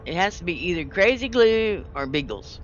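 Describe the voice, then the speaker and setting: A man's voice: high voice, expressive, moderate pace, muffled recording, crowd noise. A man in a casual group voice chat, teasing the others in a dry way.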